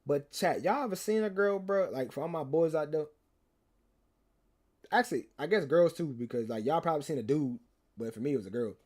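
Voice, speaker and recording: A man's voice: fairly high pitch, animated, brisk, a little mellow. A young man, telling a rambling, slangy story to his stream chat and teasing viewers. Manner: rambling, slangy, repeats himself, teases chat.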